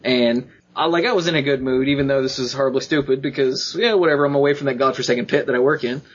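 A man's voice: medium pitch, fast, husky, muffled recording. A man telling a funny personal story in casual podcast chat, acting out the other people's lines and laughing often. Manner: animated, acts out quoted voices, laughs often. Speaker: podcast co-host.

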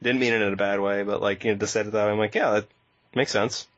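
A man's voice: fairly low pitch, fairly even intonation, quick pace. A man co-hosting a podcast in casual chat, talkative, laughing often and trailing off mid-thought. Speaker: podcast co-host. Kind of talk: casual chat about card games. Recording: slightly dull lo-fi audio.

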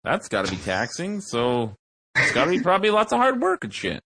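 Male co-host, high and very expressive, profane and animated, casual podcast banter. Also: brisk, noisy background.

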